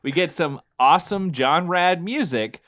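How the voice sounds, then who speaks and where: A podcast co-host recaps a film in easygoing chat, full of fillers and restarts, often laughing as he talks and clearly amused. His voice is a little high, expressive and a bit bright, at a measured pace.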